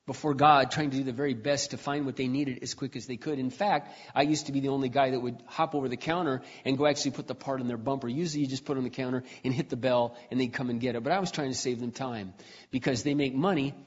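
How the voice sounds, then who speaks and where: A man preaching a personal testimony in a conversational storytelling way, often clearing his throat, recorded dull in a reverberant hall. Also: mid-range voice.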